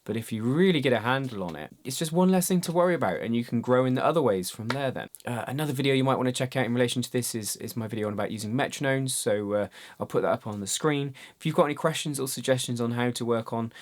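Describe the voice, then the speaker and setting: A man's voice: mid-range voice, quick pace, few pauses. A man teaching guitar in an online lesson, explaining rhythm exercises in a chatty way and counting the beats aloud, with small restarts. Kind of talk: relaxed online music lesson.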